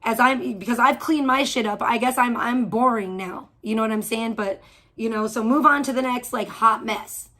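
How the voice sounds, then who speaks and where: A woman with a somewhat high voice rants on her livestream from home. She talks in a heated, profane, rambling way, often breaking off and restarting her sentences. Her swearing is blunt and constant. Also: moderate pace, sharp tone. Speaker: livestream host. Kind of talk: audio-only livestream rant.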